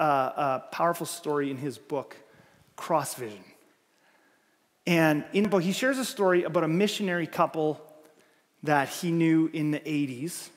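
A man's voice: a little high, big-room sound. A man preaching a sermon as pastor, earnest and emphatic, building points through repeated phrases. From Canada. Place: church sanctuary.

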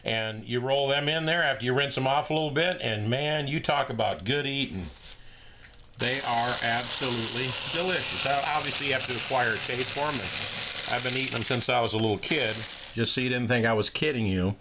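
Folksy man over loud clatter. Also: mid-range voice, fairly quick, noisy background. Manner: folksy, down-home talk while working. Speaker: host demonstrating fish cleaning. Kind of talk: casual how-to demonstration.

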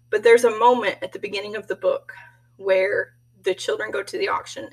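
A woman's voice: mid-range voice, vocal fry, breathy edge, recorded from a distance, poor audio. A woman giving a casual self-introduction as a graduate student, telling stories in a chatty way and laughing often.

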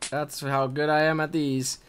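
A young man doing excitable let's play commentary, yelping, shouting and swearing at game mishaps. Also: on the high side, normal speed, heavy background noise. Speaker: gaming video host.

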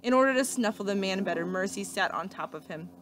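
Expressive woman reading a storybook. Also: mid-range voice, fast. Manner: expressive storytelling with clear, steady narration. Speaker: teacher. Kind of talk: reading a children's book aloud.

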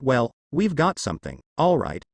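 A man's voice: medium pitch, huge pitch swings, normal speed, creaky, no echo, heavily acted. A man doing Sam, a frustrated grieving young man. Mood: explaining. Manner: earnest, pressing questions. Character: young man, weary, grieving, pushing his brother.

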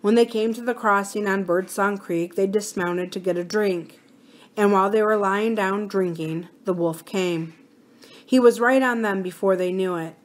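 A woman's voice: mid-range voice, normal speed. Woman reading a storybook aloud. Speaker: library story reader.

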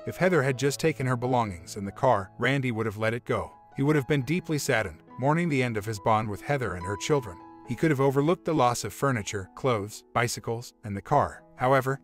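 A man reading a relationship story as a scripted narration, in an even, unhurried manner. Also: medium pitch. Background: faint background music.

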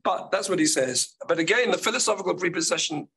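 An older man giving an academic keynote lecture, his voice croaky and gravelly, speaking thoughtfully with hesitant restarts. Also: high-pitched, quick pace, fairly bright tone, rough recording.

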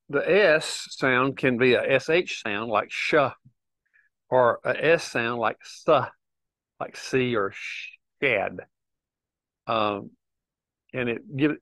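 A man's voice: medium pitch, a bit bright, no room sound. A man giving an informal Bible teaching, explaining Hebrew words in a conversational, meandering way. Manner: conversational, frequent restarts and fillers, explains slowly.

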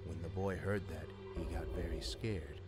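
A man with a deep, low voice narrates a scary story. He builds suspense as he tells it. Music plays clearly under him. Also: steady tone, normal speed. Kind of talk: scripted spooky storytelling.

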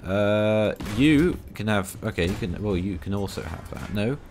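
A man's voice: fairly low pitch, lively intonation, a little slow, a little mellow, soft background music. A man giving rambling, self-mocking commentary while playing a tank game, full of dry asides. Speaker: gaming video creator.

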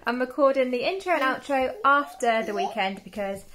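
Chatty young mum, lively pitch. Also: female voice, a little fast, crowd noise. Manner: chatty, giggly, sing-song with children. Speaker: vlogger mother. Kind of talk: casual family vlog chat.

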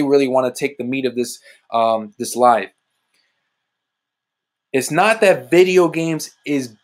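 A young adult man speaking on his own ministry livestream, talking through a personal faith testimony. He repeats phrases for emphasis and often jumps up in pitch, with a preacherly push to his delivery. His voice sits at an ordinary middle pitch for a man. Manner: emphatic, repetitive, preacherly with sudden rises in pitch. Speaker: ministry host giving testimony.

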